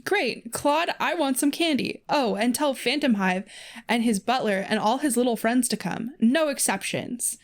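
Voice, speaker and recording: A woman's voice: on the high side, expressive, normal speed, natural voice. A woman voicing a bratty, demanding teenage boy aristocrat who whines and bosses people around. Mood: whiny. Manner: spoiled, whiny and bossy.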